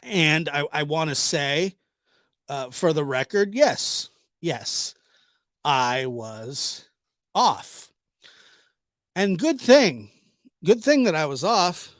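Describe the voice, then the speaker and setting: A man's voice: a little high, fairly bright tone, no room sound, studio quality. A man hosting a commentary vlog, talking in a sarcastic, exasperated way with mock apologies. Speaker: channel host, commentator.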